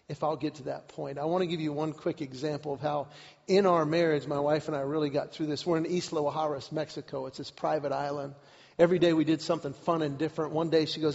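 Gravelly high-voiced male preacher. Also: a little fast. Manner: animated storyteller who repeats words and shouts the climaxes. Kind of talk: sermon with personal storytelling. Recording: dull recording with long hall reverb.

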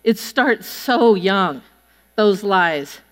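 A woman preaching a sermon, telling chatty, animated personal stories and acting out the voices of the people in them. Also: medium pitch, very slow. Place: church hall. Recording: long hall reverb.

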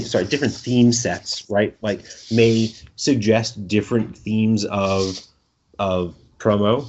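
Fairly low and a little mellow, this man's voice carries a Brooklyn accent over slightly hissy or humming lo-fi audio. Interviewed conversationally about the game he designs, he's thoughtful, joking, and prone to restarting phrases.

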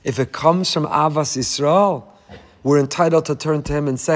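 High-voiced guy preaching, fiery then soft, lots of hall echo. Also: normal speed. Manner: impassioned, dramatic delivery that swings between loud and hushed. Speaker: rabbi. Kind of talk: sermon. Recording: long hall reverb.

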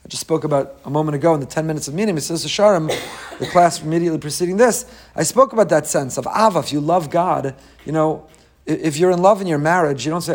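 A man gives a Torah class in a slightly raised, lively voice. He teaches with energy and often drops into quick acted voices for the people in his examples. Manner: animated, acts out quoted voices with rising pitch. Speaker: rabbi.

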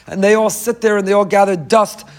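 A man teaching a lively Torah lecture, emphatic and repeating key phrases, with joking asides to his listeners. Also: sits high, fairly quick. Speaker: rabbi teaching a class.

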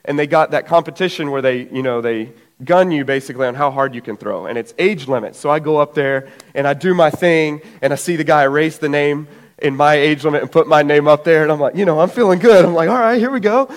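A man in his twenties preaches a sermon, a little out of breath, as he tells a lively personal story and acts out his family members' voices. He speaks on the high side and a little fast.

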